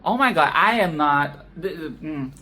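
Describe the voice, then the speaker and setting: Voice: medium pitch, animated, normal speed, sharp tone, slight background noise. A film commentator in a casual monologue, sassy and profane, rambling with restarts and often asking "okay?". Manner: sassy, profane, tags "okay?" onto lines; rambling with frequent restarts and laughs.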